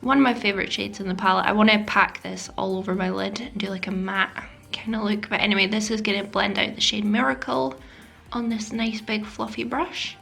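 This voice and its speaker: A woman's voice: medium pitch, fairly even intonation, fairly quick, vocal fry, fairly bright tone, faint music behind. A woman narrating a makeup tutorial voice-over, chatty and self-deprecating, sometimes dropping to a whisper. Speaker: beauty vlogger. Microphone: voice-over mic.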